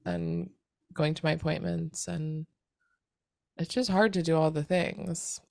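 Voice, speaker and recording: A woman co-hosting a podcast, chatting casually and telling an animated story with plenty of swearing. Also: sits low, a little slow, creaky, dry recording, studio quality. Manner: acts out others' lines in quoted voices. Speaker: podcast co-host. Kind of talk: casual chat.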